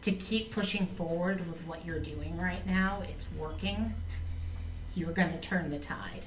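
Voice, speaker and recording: A woman with a lowish voice, playing a tabletop game and hesitating between thoughts. She sounds distant from the mic, in an echoey room with faint noise. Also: unhurried. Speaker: player.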